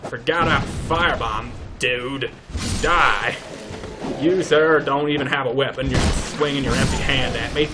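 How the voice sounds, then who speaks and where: A young man giving let's play commentary, mock-pompous and swearing, shouting insults at enemies. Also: mid-range voice, normal speed, over music. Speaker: gaming YouTuber.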